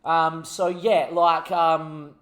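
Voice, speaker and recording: A young man with a slightly high voice commentates his football management save. He talks at the players and the game on screen in an animated way, in the relaxed tone of a gaming YouTuber. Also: very slow.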